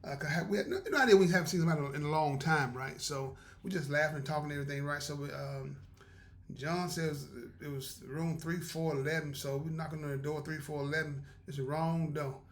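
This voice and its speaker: A man's voice: on the high side, brisk. A man hosting a podcast, telling a story in a casual, chatty way, often laughing and acting out what people said.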